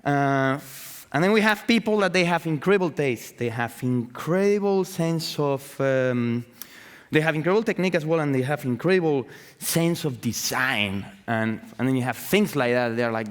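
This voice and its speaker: A man with as his gives a live talk about his art, swearing freely and piling up fillers, false starts and repeated words. His voice sits at a middle pitch and carries a long reverb from a large event hall. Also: normal speed, smooth. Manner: profane, excitable, full of fillers and restarts. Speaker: artist giving a talk.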